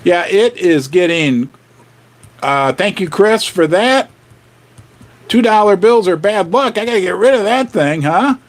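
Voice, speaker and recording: A man hosting a casual livestream, rambling and animated as he chats with viewers. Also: high-pitched, measured pace. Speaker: livestream host. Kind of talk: casual livestream chat about finance.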